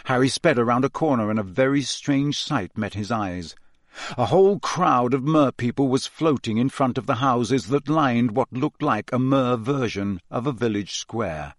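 A man giving a measured, expressive scripted narration of a fantasy novel. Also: medium pitch, dry recording, clean studio sound. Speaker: audiobook narrator.

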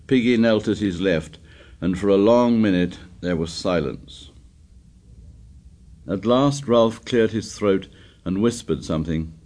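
Deep-voiced man reading a novel. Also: unhurried, long pauses, darkish tone. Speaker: audiobook narrator. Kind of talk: scripted narration.

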